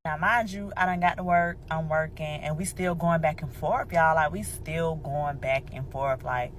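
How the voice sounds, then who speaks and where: A woman telling a casual storytime monologue in an animated, emphatic way, swearing freely and calling her listeners y'all. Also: low voice, normal speed, slight background noise, rough recording.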